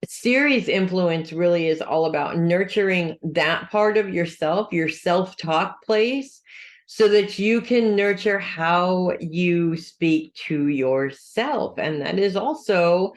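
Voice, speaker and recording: A woman's voice: on the low side, slow. A woman reading weekly horoscopes in a casual, chatty way. She talks straight to her viewers and corrects herself as she goes. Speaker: astrology reader.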